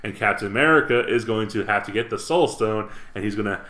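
A man co-hosting a casual podcast, rambling through fan theories in a relaxed way. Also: on the low side, quick pace. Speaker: podcast co-host. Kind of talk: casual chat. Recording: echoey room.

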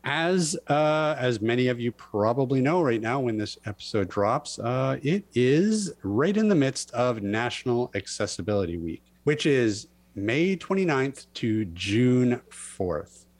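Playful male podcast host, mid-pitched, chatty and teasing. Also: big pitch swings, a little slow, no echo. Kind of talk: casual podcast banter.

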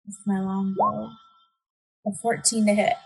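A woman's voice: mid-range voice, flat delivery, unhurried, creaky, husky, faint music behind, low-quality recording. A woman playing a tabletop game, hesitant and thinking aloud with fillers. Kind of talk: casual tabletop play.

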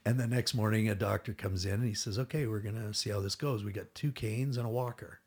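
A man's voice: lowish voice, steady tone, brisk, slightly rough. A middle-aged man telling a long story as a podcast guest, rambling and acting out what others said, with casual swearing.

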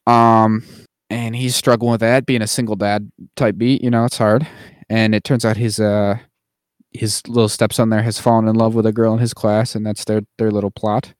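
A man's voice: lowish voice, little pitch movement, normal speed, clean tone, no room sound, clean studio sound. A man co-hosting a podcast, casually recapping a movie with lots of fillers and the odd mocking put-on voice. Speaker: podcast co-host. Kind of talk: casual chat.

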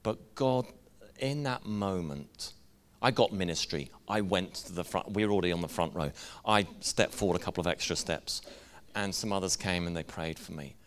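A man's voice: low-pitched, moderate pace. A middle-aged man, preaching a sermon in an earnest, conversational way and sharing personal stories. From Northern Ireland. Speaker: pastor.

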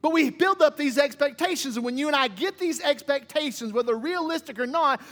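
A pastor delivering a sermon with a strikingly high voice for a man. He drives points home by repeating phrases. His words ring out with a long church reverb behind them. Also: fairly bright tone. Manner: emphatic preaching with repeated phrases. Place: church sanctuary.

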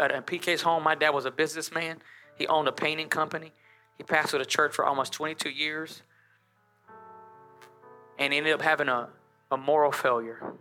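A male pastor preaching a lively sermon in church, talking straight to the congregation and drawing it into call and response. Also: fairly high pitch.

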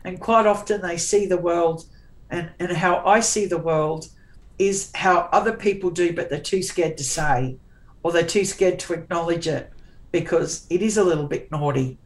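A woman's voice: on the low side, normal speed, poor audio. A woman in her forties, a guest author, chatting candidly in an interview in a forthright, sarcastic way, often restarting her sentences.

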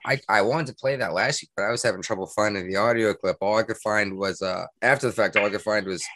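A man with a lowish voice rambling through a casual podcast chat, sarcastic and full of fillers and restarts. The sound is dry and close, with no room around it. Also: fast talker, fairly bright tone, no echo. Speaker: podcast co-host.

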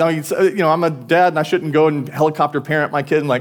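A man, a pastor, preaching a conversational sermon and telling stories that grow louder and higher as he gets emotional. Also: racing, few pauses.

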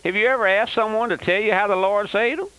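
A man's voice: high-pitched, fast talker, pushed and bright, clear, resonant tone, dry recording, poor audio. An older man preaching a fiery, emphatic radio sermon and repeating "that's right.". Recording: old radio broadcast.

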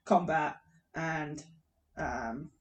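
A woman's voice: low voice, drawn-out words, far from the mic, lo-fi sound. A young English woman co-hosting a podcast in casual chat, self-mocking and laughing often. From England. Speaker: podcast co-host.

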